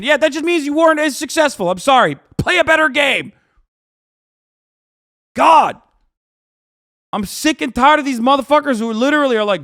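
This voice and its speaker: A man livestreaming, ranting angrily and profanely at his chat and often shouting. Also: very high voice, lively intonation, moderate pace, pauses often, no echo, studio quality.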